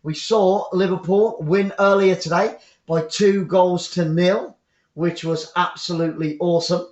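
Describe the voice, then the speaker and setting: A man's voice: high-pitched, fairly even intonation, measured pace. An English man giving chatty live football commentary for an online stream, repeating his phrases and rambling into asides. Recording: roomy, dull lo-fi sound.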